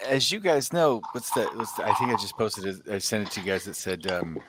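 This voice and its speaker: Brief: male podcast co-host, lowish voice, animated storyteller, casual chat. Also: fairly quick, heavy background noise. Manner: animated storytelling, acts out texts.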